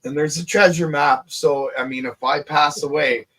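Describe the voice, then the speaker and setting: Guy chatting about his inventions, fairly high voice, laughs a lot, kinda salty mouth. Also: normal speed. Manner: animated and laughing, swears casually. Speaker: inventor and show guest. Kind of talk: casual group video chat.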